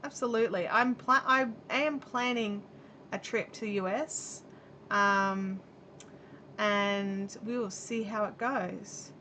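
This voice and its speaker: A woman's voice: medium pitch, slow pace, bright, forceful tone, slight background noise. A middle-aged Australian woman hosting a live stream at home, chatting in a rambling way and reading viewer comments aloud while she crochets. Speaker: livestream host. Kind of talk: casual chat while crocheting. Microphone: camera mic on a live stream.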